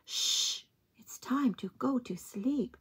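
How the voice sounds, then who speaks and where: A woman voicing a tired zoo zebra in a bedtime picture book, hushing the other animals in a soft whisper, a little higher than her usual voice. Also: slow pace, slightly rough, full character voice. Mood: shushing.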